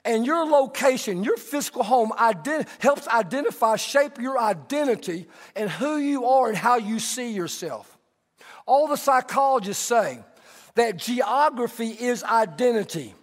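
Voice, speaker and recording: A man in middle age preaches with a strikingly high-pitched voice, moving between teaching and lively storytelling. His words ring out with a long echo in a large church hall. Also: a little slow. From Texas. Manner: animated storytelling, conversational preaching. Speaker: pastor. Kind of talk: sermon.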